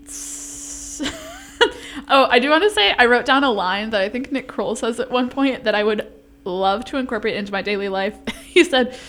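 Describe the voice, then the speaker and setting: A young woman co-hosting a podcast in casual chat, quick and wry, often laughing. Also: fairly high pitch, animated, fairly bright tone. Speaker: podcast co-host.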